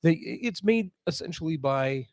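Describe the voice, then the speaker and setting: A man's voice: fairly high pitch, lively intonation, normal speed, dry recording, studio quality. A man co-hosting a spirits tasting podcast, talking in a playful, rambling way. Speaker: podcast co-host. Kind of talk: casual chat.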